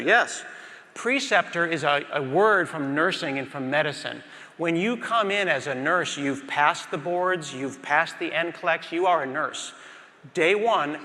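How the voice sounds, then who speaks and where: A middle-aged man giving a conference keynote on a large stage, telling stories animatedly and talking straight to the crowd. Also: fairly high pitch. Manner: animated storytelling, acts out scenes, addresses the crowd. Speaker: keynote speaker. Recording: reverberant conference hall.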